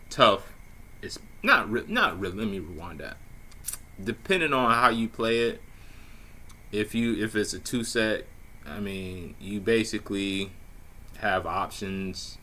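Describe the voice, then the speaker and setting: A man with a low, bright voice drawls through a casual story at an unhurried pace. He sounds relaxed and slangy, swearing freely and padding his lines with fillers. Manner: laid-back, slangy and profane, many fillers. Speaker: vlogger telling a dating story.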